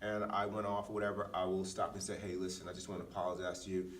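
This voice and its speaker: A man's voice: sits low, little pitch movement, fast, recorded from a distance, a little hiss or hum. A man co-hosting a podcast, telling personal anecdotes in an earnest, reflective way with frequent restarts. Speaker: podcast co-host. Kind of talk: casual reflective chat.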